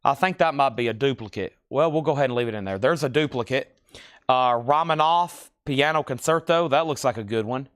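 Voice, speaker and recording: Smooth-voiced man running a record sale. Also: mid-range voice, brisk, a bit bright, no echo, clean studio sound. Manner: chatty, rattles off titles and prices between side stories. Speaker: host of a live record sale. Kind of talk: live sale patter.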